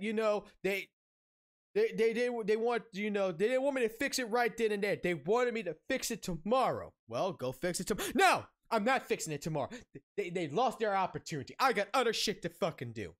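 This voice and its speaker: A man's voice: high voice, lively intonation, fairly quick, fairly bright tone. A man streaming a casual rant, angry and heavily profane, blunt, repeating himself for emphasis.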